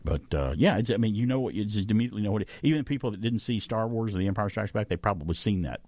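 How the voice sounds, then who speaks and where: A man's voice: on the low side, animated, rapid-fire, a little mellow, no echo. A man hosting a casual radio talk show, chatting enthusiastically and laughing often.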